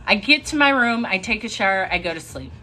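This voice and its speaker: Bright, chatty young woman storyteller. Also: medium pitch, fairly quick, faint music behind. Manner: chatty, animated, breaks into laughs. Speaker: storyteller on a live stream. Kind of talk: casual storytelling to a live audience.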